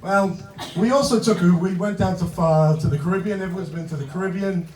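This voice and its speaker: High-voiced older male stand-up comic. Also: fairly quick, darkish tone. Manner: punchy, conversational joke delivery. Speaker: stand-up comedian. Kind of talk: stand-up routine. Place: comedy club stage with laughing audience. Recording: roomy hall, mic from far.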